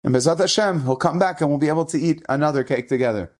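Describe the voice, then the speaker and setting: A gentle, earnest young wife speaking with quiet resolve, as a man retells her words in his own slightly raised voice. She stays calm and sincere. Her pitch sits a little above his usual register. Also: fast talker, lightly acted. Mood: tender.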